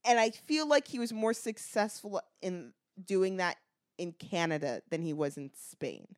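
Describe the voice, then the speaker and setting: This American podcast co-host has a lowish voice with lively intonation and an unhurried pace. Her casual chat is reflective and full of "like."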